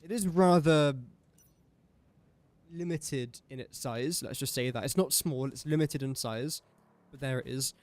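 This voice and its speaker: This young Englishman talks at a measured pace in a medium-pitched voice while commentating his live gameplay. He's chatty, pokes fun at himself, and murmurs guesses as he goes.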